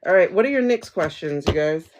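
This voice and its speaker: A woman's voice: fairly low pitch, animated, fairly quick, slight background noise. A woman hosting a casual tarot livestream from home, rambling and chatty, laughing often as she talks to viewers through her phone.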